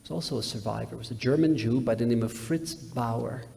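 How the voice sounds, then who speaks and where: A male rabbi delivers a sermon-style talk, telling a story emphatically with bursts of loudness and hushed drops. His voice sits at a medium pitch. It is recorded in a large synagogue sanctuary with a long, lingering hall reverb. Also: brisk, vocal fry, slight background noise. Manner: emphatic storyteller with repetitions and dramatic swings in volume. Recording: reverberant hall, live webcast.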